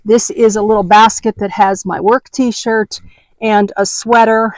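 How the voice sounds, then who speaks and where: Older lady vlogging a slow homey tour of her car, dry close sound. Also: medium pitch, steady tone, darkish tone, no echo, rough recording. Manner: chatty, homey, lists items one by one. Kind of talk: casual show-and-tell tour. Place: inside a parked car.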